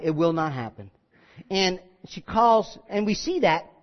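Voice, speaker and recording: A man's voice: sits high, sing-song, a little slow. A male pastor preaching a sermon in a folksy, joking way that turns earnest and emphatic. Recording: slightly muffled recording.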